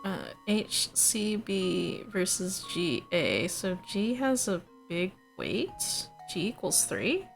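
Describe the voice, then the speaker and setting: A woman's voice: medium pitch, very animated, takes it slowly, vocal fry, few pauses, faint music behind. A woman streaming a video game, chatting playfully with viewers, giggling and reading puzzles aloud. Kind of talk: casual let's play chat.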